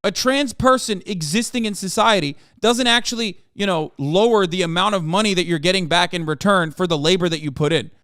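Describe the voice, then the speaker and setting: A man's voice: high-pitched, brisk, hardly any pauses, bright, forceful tone, dry recording, studio quality. A man in his thirties streaming political commentary, sarcastic, profane and rambling. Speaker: streamer reacting to news.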